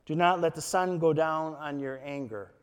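A man preaching a sermon as a pastor, quoting scripture in a slow, deliberate way. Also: a little high, smooth, long reverb tail.

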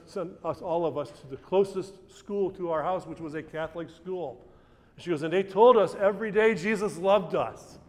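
A middle-aged pastor preaching, his voice sitting a little high for a man. He tells the story conversationally and often restarts his phrases. The long reverb of a church hall trails after each line. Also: a little mellow. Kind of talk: sermon with a personal story.

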